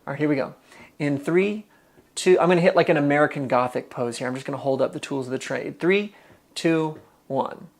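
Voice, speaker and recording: A man hosting a live cooking stream from his home kitchen, chatting casually, reading viewers' comments aloud and thinking out loud as he cooks. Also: on the high side, fairly quick.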